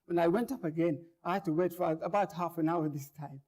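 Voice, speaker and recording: A man earnestly recounts his own story as a first-person monologue, his voice fairly high and his pace a little fast. He repeats words and phrases, getting louder as the tension mounts.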